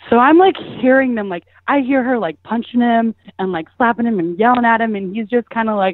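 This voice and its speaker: A woman's voice: on the high side, normal speed, dry recording. A young woman phones in to tell a story, laughing often and scattering "like" through her talk. Her voice comes through a narrow, tinny phone line with a dry, close sound. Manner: chatty, laughing, lots of "like" fillers. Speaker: caller guest. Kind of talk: casual storytelling.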